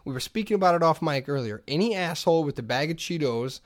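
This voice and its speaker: A man on a casual comedy podcast, ranting with animated energy. His voice sits a little high for a man, and he keeps slipping into mocking impressions. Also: fast talker. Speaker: podcast co-host.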